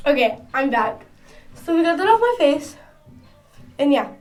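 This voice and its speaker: A woman's voice: sits high, sing-song, measured pace, darkish tone, soft background music. A woman telling a casual storytime to her phone camera at home, chatty and full of slang. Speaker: vlogger.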